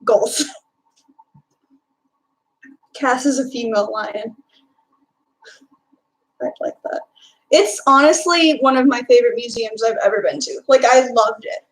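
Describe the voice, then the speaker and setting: A woman's voice: on the high side, a little slow, long pauses, low-quality recording. A young woman from Texas with a Texan accent, chatting casually on a live stream and answering her chat. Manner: chatty, reads and answers chat, filler-heavy.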